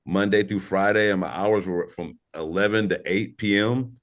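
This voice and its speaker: Forties guy from St. Louis, deep low voice, loose and slangy, talks in looping restarts. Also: normal speed. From St. Louis, Missouri. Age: 40s. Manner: laid-back, slangy, rambling with restarts. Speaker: podcast guest. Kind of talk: casual interview storytelling.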